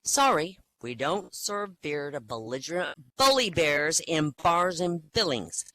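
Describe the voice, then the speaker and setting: A man playing a stubborn bartender who firmly and loudly refuses to serve. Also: fairly high pitch, animated, takes it slowly, exaggerated voice. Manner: firm, rising emphatic insistence.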